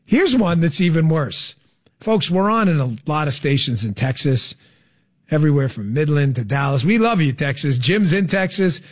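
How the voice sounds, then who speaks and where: Brief: incredulous male political talk host, sarcastic, high and swooping delivery. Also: very animated, normal speed. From Florida resident. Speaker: radio talk show host. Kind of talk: political commentary.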